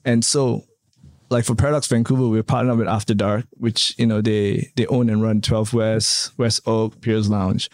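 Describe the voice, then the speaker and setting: A man's voice: lowish voice, flat delivery, normal speed, a little mellow, no echo. Chatty man with a dry close sound. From Canada. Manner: chatty, rambling, many fillers and tag questions. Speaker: interview guest, hotel developer. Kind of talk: casual interview talk.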